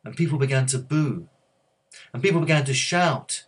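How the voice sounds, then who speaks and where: A man preaching, telling a story with many halting restarts and growing hushed and earnest. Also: medium pitch, breathy edge. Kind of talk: sermon storytelling.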